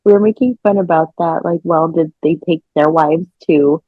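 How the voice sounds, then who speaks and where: A woman guest telling a personal story in a casual, excitable way, laughing and swearing freely. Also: low voice, normal speed, dry recording, phone-quality sound.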